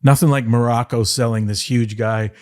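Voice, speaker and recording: A middle-aged man from the Detroit area, a podcast guest, telling rambling, animated stories and slipping into playful voice impressions. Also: mid-range voice, moderate pace, no room sound, studio quality. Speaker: podcast guest, former wrestling writer. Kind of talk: casual interview storytelling.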